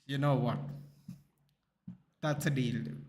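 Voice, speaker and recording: A man with an Indian accent, hosting a casual sports watchalong stream and chatting loosely with viewers, saying dude a lot and reacting excitedly. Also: mid-range voice, slow, slight background noise. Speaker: livestream host. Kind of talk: casual watchalong chat, reading viewer comments.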